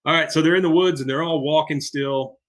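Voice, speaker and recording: A man's voice: on the high side, steady tone, a little fast. A man co-hosting a podcast, casually retelling an episode scene by scene with side comments. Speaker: podcast co-host.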